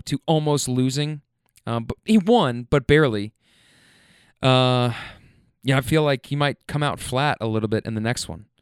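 A man's voice: medium pitch, smooth, no echo, studio quality. A young man hosting a casual podcast, joking and rambling loosely about sports with lots of fillers. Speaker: podcast host.

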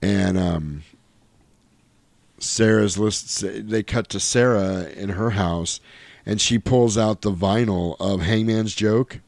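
A man with a fairly low voice talks casually and animatedly as he recaps a film. He swears freely and slips into high, goofy voices to mimic the characters. The sound is dry and close. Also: slow pace, gravelly, a little mellow, dry recording. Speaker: podcast host recapping a film. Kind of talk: casual chat.

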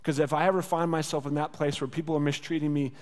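Man, pastor, sermon, earnest conversational preaching, slightly high voice, echoing church hall. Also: level tone, quick pace, darkish tone. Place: church sanctuary. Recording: long hall reverb.

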